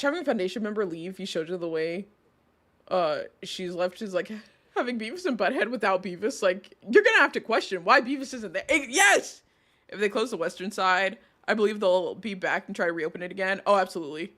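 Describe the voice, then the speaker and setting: A woman's voice: medium pitch, expressive, normal speed, a bit bright. A young woman streamer giving casual live commentary, rambling and heated, with lots of restarts and swearing.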